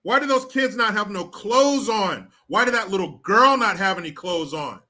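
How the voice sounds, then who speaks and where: A man's voice: high voice, animated, normal speed, bright, forceful tone. A man delivering blunt, profane, indignant commentary to the camera. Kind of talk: ranting commentary.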